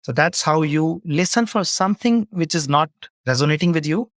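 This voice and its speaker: A man's voice: fairly high pitch, lively intonation, moderate pace, no echo, studio quality. A man speaking as a leadership coach, answering audience questions in a webinar and explaining his points through example dialogues.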